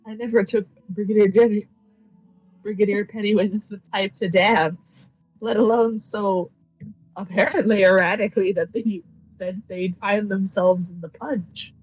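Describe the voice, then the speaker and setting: A woman's voice: medium pitch, steady tone, unhurried, darkish tone, breathy edge, rough recording. Polite woman voicing a genteel role-play character. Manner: polite, genteel phrasing with casual fillers when narrating. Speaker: tabletop role-playing player. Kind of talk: in-character role-play and narration in a tabletop game.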